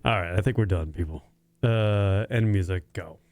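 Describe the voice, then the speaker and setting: A man's voice: sits low, moderate pace, a little mellow, no room sound. A man hosting a radio talk show, bantering wryly in profane casual chat.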